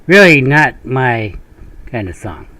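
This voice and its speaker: A man's voice: mid-range voice, big pitch swings, slow, pushed and bright, dry recording. A man from northern Minnesota who hosts a gaming channel, rambling through profane personal stories and tangents while he plays. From northern Minnesota, USA. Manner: meandering, profane storytelling with frequent laughs and tangents. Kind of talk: rambling commentary during gameplay.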